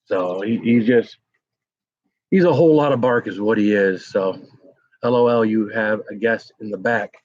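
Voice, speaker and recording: A man's voice: on the low side, normal speed, a little mellow, no room sound. A middle-aged man hosting a live stream from home, chatting casually and rambling with lots of fillers as he reads viewer comments. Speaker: livestream host. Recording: dry, dull lo-fi sound.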